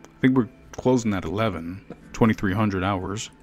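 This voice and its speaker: A man's voice: fairly low pitch, moderate pace. A man casually commenting on his own gameplay, joking and chatting to game characters and to himself. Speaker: gaming video host. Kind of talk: casual let's play commentary. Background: faint game music.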